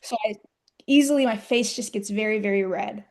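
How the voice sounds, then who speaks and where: A young American professional wrestler chats casually in an interview, telling stories and giggling often. Her voice sits in the mid-range and moves a little fast.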